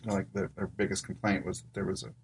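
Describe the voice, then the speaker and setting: A man co-hosting a podcast in casual chat, making dry deadpan jokes. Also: deep voice, fast, gravelly, very noisy. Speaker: podcast co-host.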